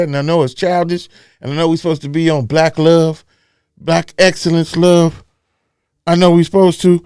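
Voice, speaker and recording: A man's voice: on the high side, moderate pace, darkish tone, smooth, no room sound, clean studio sound. A man hosting a casual talk show, rambling loosely and repeating phrases for emphasis. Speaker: podcast host.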